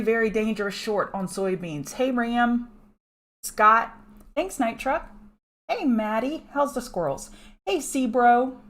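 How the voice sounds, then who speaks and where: A woman in her thirties hosting a casual market livestream, chatty and greeting viewers by name. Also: medium pitch. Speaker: livestream market analyst host.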